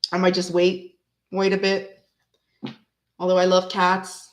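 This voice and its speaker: A woman talking casually at home while hosting a tarot reading. She rambles from topic to topic and breaks into hummed or sung snippets of songs. Now and then she softens her voice to coo at her cat. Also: on the low side, monotone, measured pace. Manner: chatty and rambling, breaks into humming and singing song snippets; talks softly and affectionately to her cat. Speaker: tarot reader and channel host. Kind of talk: casual chat on a live reading.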